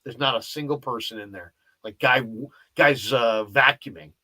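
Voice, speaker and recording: A male sports radio host chatting casually and spinning a long anecdote, acting out each voice in the story. His tone is bright and forceful, with a mid-range pitch. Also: normal speed. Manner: lively storyteller, acts out the dialogue.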